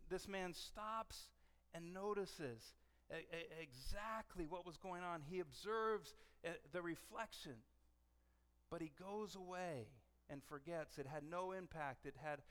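A middle-aged male pastor preaching a sermon in a conversational, animated way, often restarting his sentences. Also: on the high side, a little slow, smooth. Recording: long reverb of a church hall.

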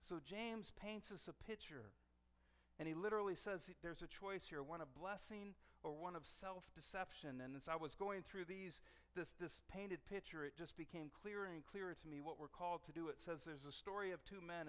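A middle-aged male pastor preaching a sermon in a conversational, animated way, often restarting his sentences. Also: fairly high pitch, fairly quick. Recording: long reverb of a church hall.

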